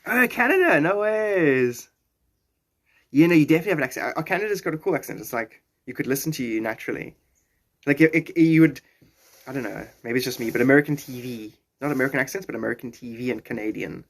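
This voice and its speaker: A man's voice: medium pitch, racing, vocal fry, breathy edge. A man in his forties with a South African accent, chatting casually and playfully with viewers on a live stream. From born in Zimbabwe, raised in South Africa. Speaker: livestreamer.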